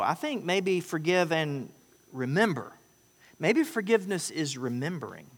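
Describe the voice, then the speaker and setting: A man's voice: fairly high pitch, a bit bright. A man preaching a sermon, telling stories and rising into emphatic quoted lines. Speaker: pastor. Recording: long hall reverb.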